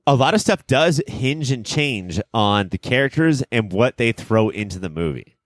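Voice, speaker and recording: A man hosting a casual movie podcast, talking in quick bursts with lots of fillers. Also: mid-range voice, dry recording, clean studio sound. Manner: animated, talks in quick bursts with many fillers. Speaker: podcast host.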